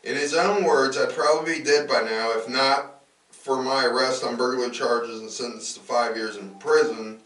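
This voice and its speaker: A man's voice: mid-range voice, steady tone, normal speed, a bit bright, roomy sound, recorded from a distance, rough recording. A man co-hosting a casual podcast, talking loosely with lots of fillers and restarts. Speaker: podcast co-host.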